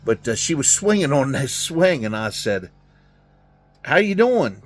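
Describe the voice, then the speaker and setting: In a garage during a car event, a middle-aged truck driver tells a story casually, bluntly and with plenty of swearing, acting out both sides of a conversation. His medium-pitched voice is sing-song and measured in pace.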